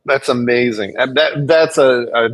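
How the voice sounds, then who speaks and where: Encouraging podcast host. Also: male voice, medium pitch, moderate pace. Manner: encouraging, frequent backchannels. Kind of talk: podcast interview.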